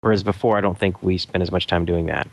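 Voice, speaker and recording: A man co-hosting a podcast, talking in a thoughtful, halting way with many restarts. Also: low voice, fairly even intonation, vocal fry. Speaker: podcast co-host. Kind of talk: casual chat.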